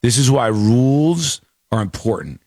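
Animated ranting male talk host. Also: medium pitch, unhurried, no echo, studio quality. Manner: animated ranting, mock outrage. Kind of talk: casual talk show banter.

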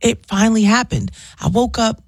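Animated woman telling stories. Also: on the high side, normal speed, breathy edge, no echo, studio quality. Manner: animated storyteller, acts out voices. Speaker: guest. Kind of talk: casual interview chat.

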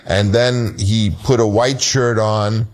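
A man recounting a casting story as an animated storyteller, acting out the voices of people he quotes. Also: lowish voice, slow. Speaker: film director recalling a casting story. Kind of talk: recorded anecdote.

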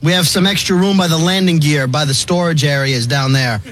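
A man making a prank phone call, polite, calm and deadpan throughout. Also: on the high side, brisk. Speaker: radio prankster.

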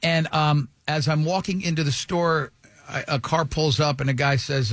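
A radio host tells a story with plenty of animation and acts out each line of dialogue. His voice sits a bit high for a man. The sound is dry and close to the mic. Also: moderate pace, fairly bright tone, dry recording. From Italian heritage. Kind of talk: casual storytelling on morning radio.

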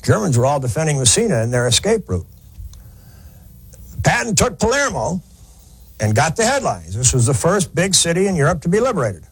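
A man's voice: fairly high pitch, big pitch swings, fairly quick, long pauses, husky, rough recording. A man telling a war story in a folksy, conversational lecture, with fillers and restarts. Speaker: historian lecturer.

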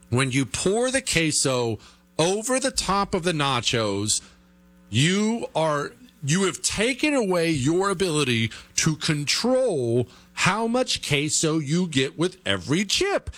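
Guy going off on a comic rant, pitch a bit high, bouncing all over, light mains hum behind. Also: no echo. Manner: animated, exasperated ranting. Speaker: talk show host.

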